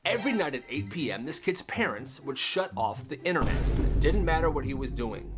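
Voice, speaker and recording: A man narrating comedic stories in an emphatic, lively storytelling manner with quick asides. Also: mid-range voice, music in the background.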